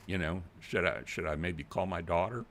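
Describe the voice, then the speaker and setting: A man's voice: low-pitched, moderate pace, fairly bright tone. A man voicing a flustered elderly grandmother who speaks with a Southern accent, stammering and pleading. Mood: anxious.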